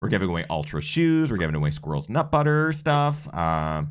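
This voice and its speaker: A male host with a notably low voice closes out his live show. He keeps an upbeat, chatty tone while listing prizes and sponsors one after another, like a practiced show presenter. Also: very animated, brisk, clean tone. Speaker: podcast host. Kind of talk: live show sign-off and promotion.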